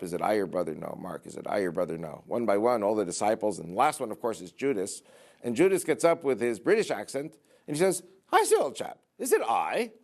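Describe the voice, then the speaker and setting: A man with a fairly low voice making a political speech to a church audience. He repeats phrases for emphasis and asks rhetorical questions in a steady, insistent way. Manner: emphatic, repetitive rhetorical delivery. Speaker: public speaker.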